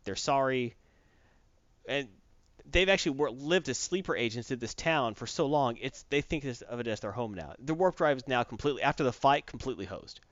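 A man's voice: mid-range voice, animated, fairly quick, fairly bright tone, no echo, highs cut off. Rambling man recapping a story. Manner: rambling storyteller, many fillers and restarts. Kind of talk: casual chat recapping a comic book story.

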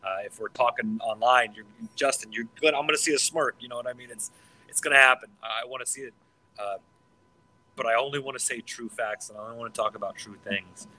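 Excitable, sharp-voiced man chatting on a podcast. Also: mid-range voice, fairly quick, poor audio. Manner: excitable, swears freely, stumbles and restarts often. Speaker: podcast co-host. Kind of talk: casual podcast chat.

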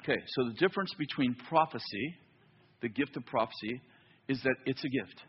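A man preaching a sermon in a church, telling a story with lively back-and-forth dialogue. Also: mid-range voice, fairly quick, breathy edge, dull audio. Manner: animated storytelling, acts out both sides of dialogue. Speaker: pastor.

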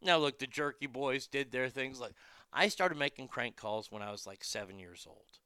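A man in his fifties hosting a show, chatting casually and bluntly, telling animated stories and acting out callers' voices. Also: mid-range voice, normal speed, clear, resonant tone, no echo, clean studio sound. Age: 50s. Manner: blunt and profane. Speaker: show host. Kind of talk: casual chat reading viewer comments.

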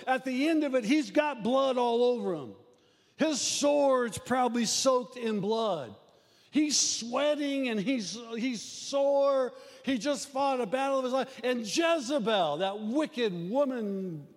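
A man preaching a sermon to a church, animated and acting out the voices he quotes. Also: in a large hall. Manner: animated preaching, acts out quoted voices, rises and drops in pitch.

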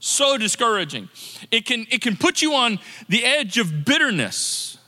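High, bright-voiced male pastor preaching. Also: very animated, unhurried. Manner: conversational, repeats words for emphasis. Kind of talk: sermon. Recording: long reverb of a large hall.

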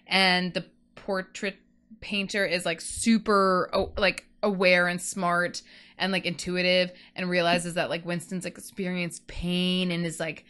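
Woman cohost, bright tone, rambles with lots of "like". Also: fairly low pitch, little pitch movement, unhurried, smooth. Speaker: podcast co-host. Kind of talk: casual chat.

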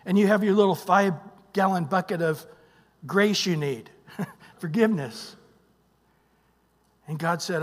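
Guy pastor preaching, kinda high voice, long church echo, pushes loud then drops to a hush. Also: measured pace, pauses often. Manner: emphatic, calls out "what?" for the congregation to fill in verses; swings between loud bursts and hushed, near-whispered lines. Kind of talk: sermon. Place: church sanctuary.

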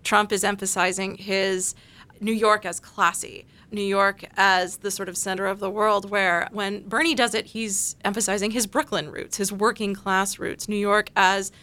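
Woman, panel guest, measured and analytical, bright tone. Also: mid-range voice, level tone. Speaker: panel guest discussing her essay. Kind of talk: academic panel discussion.

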